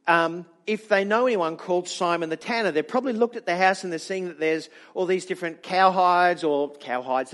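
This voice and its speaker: A man preaching a storytelling sermon in an animated, chatty way, with frequent restarts. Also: high voice.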